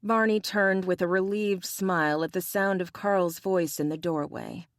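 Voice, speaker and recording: A woman narrates a romance audiobook with steady, even storytelling. Her voice sits slightly low and the recording is dry and close. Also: measured pace, no room sound.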